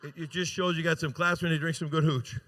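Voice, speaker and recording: A man's voice: fairly high pitch, flat delivery, quick pace, a bit bright. A man working as a charity auctioneer at a gala, calling bids live into a handheld mic and coaxing bidders with joking banter. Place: large gala event room.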